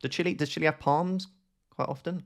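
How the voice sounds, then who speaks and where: A man's voice: a little high, brisk, vocal fry. Man thinking aloud over a game. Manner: thinks aloud, questions himself. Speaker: gaming channel host. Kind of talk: live gameplay commentary.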